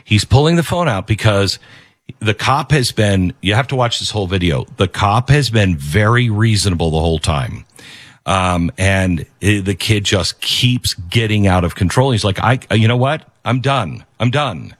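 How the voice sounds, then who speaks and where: A man's voice: lowish voice, animated, moderate pace, no room sound, clean studio sound. A man hosting a commentary show, talking emphatically and repeating key phrases for weight. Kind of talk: opinionated commentary.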